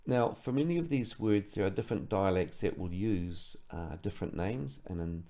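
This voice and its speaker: A man from New Zealand giving a slow instructional lesson, carefully breaking words into syllables. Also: low-pitched, animated, mellow. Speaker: sonographer teaching Maori words.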